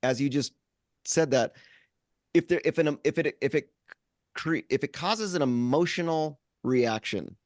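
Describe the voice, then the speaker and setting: A man's voice: fairly high pitch, measured pace, no echo, clean studio sound. A man co-hosting a podcast, talking in a rambling casual way with lots of restarts. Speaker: podcast co-host. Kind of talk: casual chat.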